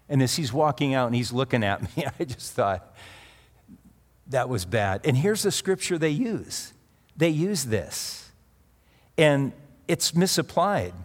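A man's voice: medium pitch, animated, measured pace, pauses often. A middle-aged male pastor giving a sermon in a conversational way, with asides and restarts as he tells a story. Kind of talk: sermon with personal anecdote. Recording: long reverb of a large hall.

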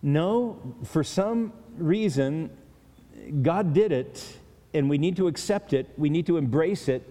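A man's voice: fairly high pitch, lively intonation, slow pace, dark tone. A man preaching an expository sermon in an earnest, conversational way, speaking directly to his listeners. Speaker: pastor. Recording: long hall reverb.

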